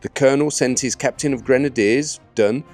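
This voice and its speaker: Man, host narrator, measured storytelling, faint music underneath. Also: medium pitch, a little mellow. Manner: measured storytelling, reading quotes. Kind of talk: scripted narration.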